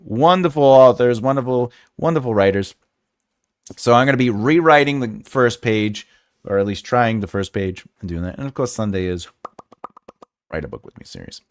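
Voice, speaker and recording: This writing channel host, a man in his forties, keeps his livestream chat relaxed at a moderate pace. His intonation is lively with big pitch swings, and he's quick to laugh, crack jokes, and wander off on tangents.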